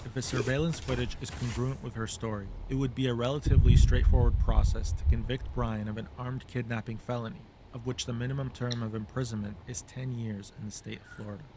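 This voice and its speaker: Measured male documentary narrator. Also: mid-range voice, steady tone, background noise. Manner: measured, explanatory commentary. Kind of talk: scripted narration.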